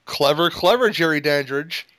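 A man's voice: on the high side, moderate pace, a bit bright, no echo, poor audio. Crude, joking man on a dry mic. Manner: joking, crude running commentary. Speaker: podcast co-host. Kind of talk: casual movie commentary.

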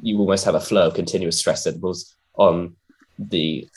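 Man, deep low voice, hesitant, lots of fillers, casual talk. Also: fairly even intonation, moderate pace, darkish tone, a little hiss or hum. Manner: hesitant, filler-heavy, searching for words. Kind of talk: casual conversation about poetry and rap.

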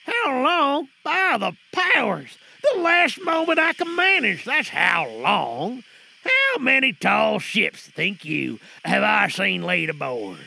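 A man playing a relaxed actor who is voicing a growling pirate captain. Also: high-pitched, takes it slowly, gravelly, full character voice. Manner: drawling pirate growl, shrugs off scolding. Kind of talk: comedic sketch acting.

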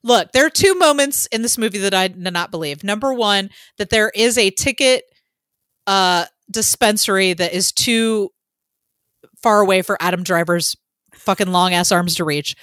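A woman in her thirties co-hosting a podcast in casual chat, blunt and quick to swear and laugh. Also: mid-range voice, fairly bright tone, no echo, clean studio sound. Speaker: podcast co-host.

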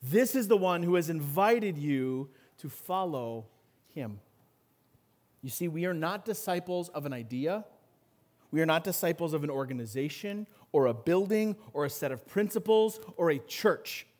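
High-voiced man preaching a sermon. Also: lively intonation, moderate pace, a little mellow. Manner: earnest preaching, rising and falling in intensity. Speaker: pastor.

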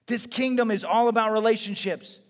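A high-pitched male pastor preaches to his congregation, swinging from loud questions to quiet, confiding asides. His voice rings with a long reverb off the walls of a big church hall. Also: fairly even intonation, a little fast. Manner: conversational preaching with rhetorical questions and acted-out quotes. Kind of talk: sermon.

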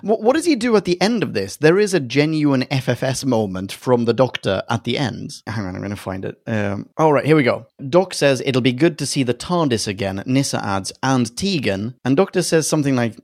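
An animated man chats sarcastically with a co-host, laughing often and swearing freely. His voice sits at an ordinary middle pitch, and the recording is close and dry, with no room sound. He keeps a loose, joking tone. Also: brisk, hardly any pauses, no echo. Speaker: podcast co-host. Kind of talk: casual chat reviewing a TV episode.

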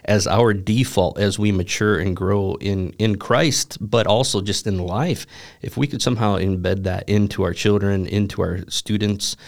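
A man's voice: lowish voice, fairly even intonation, unhurried. A man who is a pastor, telling stories in a casual talk about faith. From Michigan.

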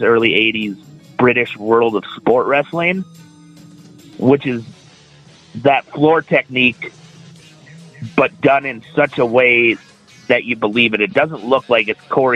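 A man's voice: mid-range voice, fairly bright tone, highs cut off. A man in a mid-range voice talks easily on a casual podcast, cracking self-mocking jokes as he goes. Faint music plays behind him. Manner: chatty, self-mocking humor.

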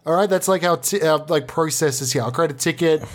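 A man improvising a comedy sketch, talking in a blustering, sweary, mock-calm way. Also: a little high, brisk. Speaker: comedy podcast host.

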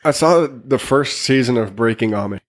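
A man's voice: medium pitch, moderate pace. A man in casual podcast chat whose voice is strained, telling stories with plenty of swearing. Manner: profane, storytelling. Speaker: podcast co-host.

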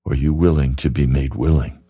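A man's voice: very deep voice, fairly even intonation, fairly quick, warm tone, slightly rough, no room sound. A man preaching a radio sermon, earnest and pleading, repeating his questions to the listener. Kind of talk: sermon broadcast.

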